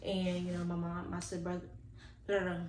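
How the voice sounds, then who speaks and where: A woman tells a personal story to her viewers, earnest and animated as she talks to them directly. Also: on the low side, fast. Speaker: vlogger telling a personal story. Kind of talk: casual storytime monologue. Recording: echoey room with faint background noise.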